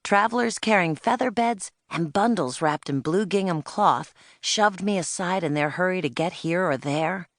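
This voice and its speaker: A woman's voice: on the low side, normal speed, few pauses, no room sound, clean studio sound. A woman narrating a children's audiobook in first person, telling it in the plain-spoken voice of a spirited young girl.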